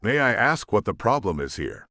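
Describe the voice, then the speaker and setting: A man voicing a gentle young woman manager with a Southern US accent. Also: on the low side, very animated, normal speed, dry recording, clean studio sound, exaggerated voice. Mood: soothing. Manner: soothing, gentle.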